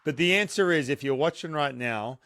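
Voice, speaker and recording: A man's voice: a little high, lively intonation, fairly quick, pushed and bright. A middle-aged man with an Australian accent, hosting a casual podcast chat in a playful, joking way that often breaks into laughter. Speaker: podcast host.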